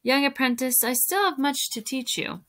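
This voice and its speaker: A wise older master painter speaks with calm, measured authority as a woman reads him aloud. The tone is bright in a storybook reading. He sounds dry and quietly scornful. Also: high voice, voice pushed up.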